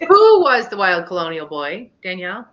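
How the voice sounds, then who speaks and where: A woman hosting a casual chat show, chatty and quick to laugh. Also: lowish voice, wildly swooping pitch, fairly bright tone. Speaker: podcast host. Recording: dull lo-fi sound.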